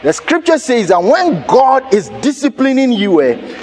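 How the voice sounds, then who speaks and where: A man preaching a sermon, telling a personal story with animated laughter and sudden shouted lines. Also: extremely high pitch, a little slow, faint music behind.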